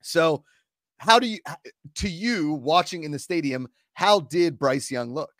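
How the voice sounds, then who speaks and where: A man's voice: a little high, expressive, a little slow, fairly bright tone, no room sound, clean studio sound. A playful man hosting a podcast in casual, joking chat. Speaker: podcast host.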